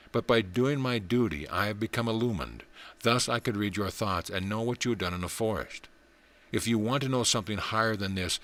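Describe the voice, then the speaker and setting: A man reading the part of a wise, ordinary housewife who speaks calmly and gently scolds a proud young monk. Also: on the low side.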